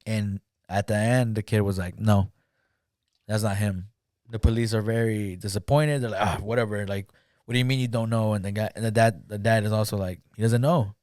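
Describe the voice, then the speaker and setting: A man's voice: on the low side, steady tone, a little fast, a little mellow, dry recording, studio quality. Laid-back man retelling a movie. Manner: rambling, heavy use of "like", acts out quotes. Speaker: podcast guest. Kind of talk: casual chat retelling a film.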